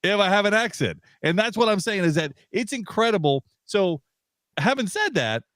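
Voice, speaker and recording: A man's voice: sits high, big pitch swings, normal speed, a bit bright, dry recording, studio quality, voice pushed up. A man putting on a hammed-up, mock-refined British accent as a podcast joke. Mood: mock posh.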